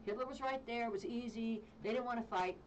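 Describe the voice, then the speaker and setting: A woman's voice: a little high, fairly quick, recorded from a distance, dull audio, a little hiss or hum. A woman hosting a live radio talk show, ranting with strong opinions and mocking others in put-on voices.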